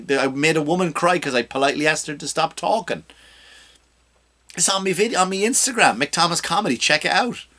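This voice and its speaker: A man's voice: fairly high pitch, sharp tone. A male comedian hosting his own podcast, delivering a ranting, self-mocking comedic monologue.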